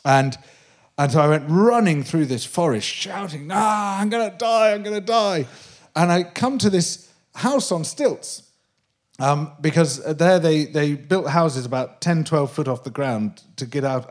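Man telling a lively story. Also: a little high, normal speed. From Britain. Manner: animated anecdote-telling with frequent restarts and laughs. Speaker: guest. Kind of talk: live comedy-podcast interview, storytelling. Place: theatre stage, live audience.

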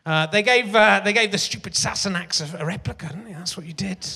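A man's voice: sits high, a little fast, creaky, sharp tone, breathy edge. A man hosting a live comedy talk show on a theatre stage, rambling and self-mocking with plenty of fillers and restarts. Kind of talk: stand-up style chat on stage. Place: large theatre stage before a live audience. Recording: long theatre reverb.

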